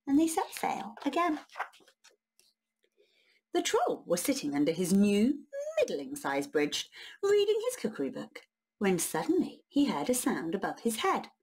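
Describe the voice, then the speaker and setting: Breathy woman reading a children's story. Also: medium pitch. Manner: expressive, unhurried storytelling. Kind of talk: reading a picture book aloud.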